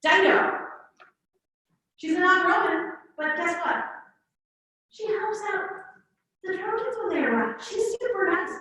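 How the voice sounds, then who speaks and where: A high-pitched woman with a bright, sharp tone gives a lively conference presentation as a Latin teacher. She talks in an animated way and slips into playful quoted voices. The sound is very echoey, recorded from well off the mic. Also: unhurried, pauses often. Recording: echoey room, far from the mic.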